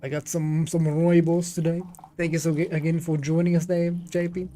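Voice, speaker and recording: A man's voice: a little high, little pitch movement, moderate pace, warm tone. A man streaming a game live, chatting casually and reading its text aloud, laughing often.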